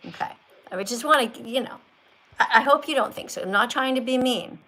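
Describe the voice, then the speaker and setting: A woman's voice: on the high side, fairly quick, pushed and bright, low-quality recording. An older woman hosting a live stream, talking like a strict teacher who corrects and lectures. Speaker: livestream host.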